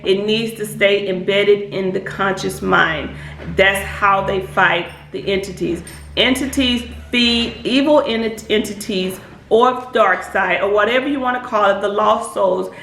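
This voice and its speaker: An earnest woman talks to camera in a casual, rambling way, repeating her points and checking in with her listeners. Her voice is mid-pitched. She sounds like she is in an echoey room with a faint noise behind her. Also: fairly bright tone. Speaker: hypnotist and spiritual advisor. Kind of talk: casual advice talk to camera.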